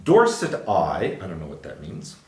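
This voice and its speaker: A lower-pitched man with a lively, up-and-down delivery, co-hosting a news podcast from a roomy space with a noticeable echo. He reads headlines aloud and breaks in with wry asides. The tone stays casual and chatty. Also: normal speed, a little hiss or hum. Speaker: podcast co-host.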